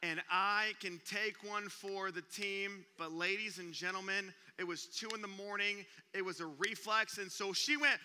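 A young man preaching, an animated storyteller who acts out gasps and sounds during a comic story, speaking in a church auditorium. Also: sits high, moderate pace, hardly any pauses, clear, resonant tone. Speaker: youth pastor. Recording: long reverb of a church hall.

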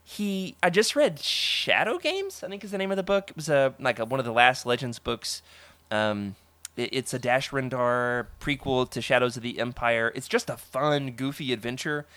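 A man hosting a casual podcast chat, enthusiastic and animated, laughing often as he talks. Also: medium pitch, moderate pace, dry recording. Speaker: podcast host.

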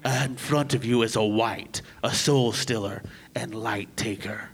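A man's voice: on the low side, a little slow. A man serving as game master, narrating a tabletop game with dramatic storytelling.

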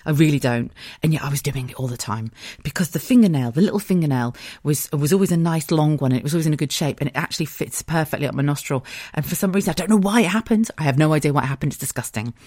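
A woman's voice: low voice, quick pace, darkish tone, no echo, studio quality. A woman hosting a podcast in casual solo chat, candid and laughing often, swearing freely. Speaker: podcast host.

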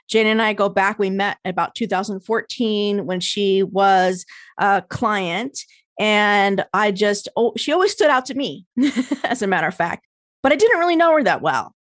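A woman's voice: medium pitch, dry recording, studio quality. An American woman hosting a podcast interview, chatty and casual, laughing often and swearing freely. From United States. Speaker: podcast host.

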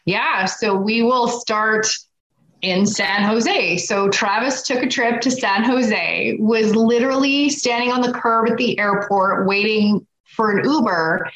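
A woman guest in casual conversation, telling a long personal story with lively quoted voices. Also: medium pitch. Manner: animated, acts out quotes. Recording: echoey room, dull lo-fi sound.

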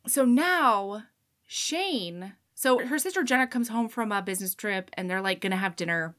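A woman hosting a casual chat, retelling a story with lively asides and quick character voices. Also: medium pitch. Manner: animated storyteller acting out characters' lines. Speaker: podcast host recapping a book.

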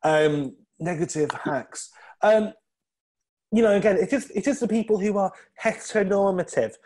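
A man's voice: sits high, normal speed, darkish tone. A man, a comedian chatting as a podcast guest, rambling with lots of ums and restarts. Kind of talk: casual interview chat.

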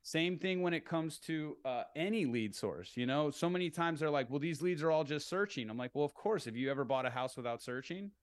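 A middle-aged man as a podcast guest, explaining sales tactics in an animated way and acting out phone calls in upbeat voices. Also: on the high side, a little fast, hardly any pauses, clean tone. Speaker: real estate entrepreneur guest.

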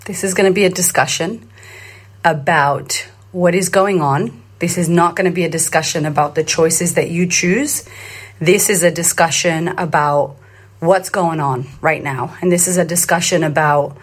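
A woman's voice: lowish voice, husky. A woman in her thirties from Australia, a confidence coach talking live to her followers in a blunt, emphatic way, swearing freely and repeating phrases for emphasis. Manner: repetitive, rallying cadence. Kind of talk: live social media talk to followers.

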